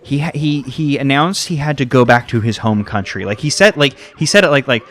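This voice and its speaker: A man's voice: medium pitch, brisk, fairly bright tone. A young American man giving casual, rambling commentary over a video game, full of fillers and side stories. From United States. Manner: rambling, tangent-prone, heavy on fillers. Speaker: let's play host.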